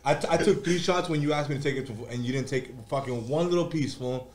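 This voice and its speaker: A man's voice: mid-range voice, fast talker, a little mellow. A man, a guest, chatting casually with profane, laughing mock curses and taunts while his eyes tear and his nose burns from spice. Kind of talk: casual chat during a spicy chip challenge.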